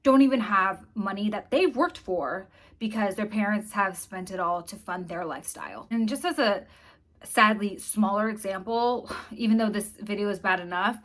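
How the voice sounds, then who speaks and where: A woman's voice: mid-range voice, normal speed, fairly bright tone. A woman hosting her own channel, talking casually and bluntly to camera with open disgust. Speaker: commentary vlogger host.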